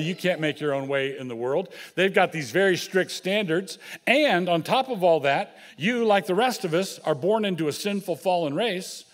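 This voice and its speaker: An older man delivers a sermon from the pulpit in a slightly raised pitch. He talks in an earnest, plain way, repeating phrases for emphasis. He often addresses the children directly. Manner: earnest preaching with repetition and asides to children. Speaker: pastor.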